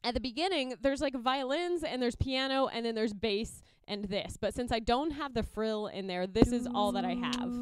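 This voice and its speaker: Talking at a normal speed with few pauses, a young woman with a voice on the high side describes how she arranges songs for her looper. It's an easygoing, upbeat tutorial from a loop musician, sprinkled with brief bits of singing and beatboxing.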